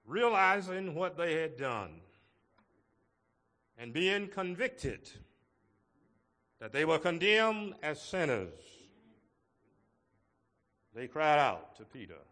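A man preaching a sermon to his congregation in a slow, measured way, with emphatic rises on key words. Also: on the high side, big pitch swings, pushed and bright, in a large hall. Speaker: pastor.

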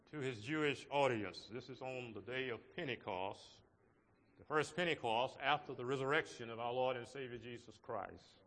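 A man preaching a sermon to his congregation in a slow, measured way, with emphatic rises on key words. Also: mid-range voice, bright, forceful tone, big-room sound. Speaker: pastor.

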